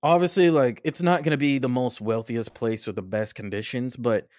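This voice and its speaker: A man's voice: mid-range voice, steady tone, moderate pace, a little mellow, dry recording, studio quality. A man co-hosting a casual podcast, talking loosely and swearing, often laughing hard. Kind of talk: casual chat.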